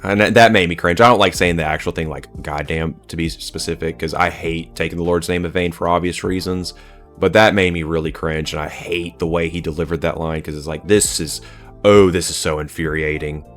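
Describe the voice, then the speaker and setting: A man's voice: low-pitched, steady tone, a little fast, fairly bright tone, faint music behind. A man giving a blunt, profane and scornful rant as a movie reviewer. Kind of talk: ranting film review.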